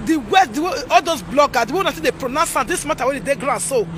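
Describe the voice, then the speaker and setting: A woman's voice: high voice, expressive, fast, fairly bright tone, a faint crowd, a little hiss or hum. A Nigerian woman from Edo, ranting in a heated, pleading way in a vlog, repeating herself as she scolds people. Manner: agitated, pleading, repetitive. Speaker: vlogger.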